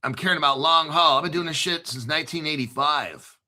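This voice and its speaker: A man's voice: a little high, a little fast, sharp tone. A man in his fifties hosting a crypto video, ranting casually in a blunt, profane, combative way and repeating himself for emphasis.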